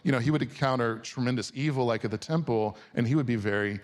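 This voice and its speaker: Pastor, man in his forties, chatty sermon delivery, animated, goes from hushed to loud. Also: medium pitch. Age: 40s. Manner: casual, animated, swings from soft and slow to loud. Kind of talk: conversational sermon. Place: church or auditorium before a congregation.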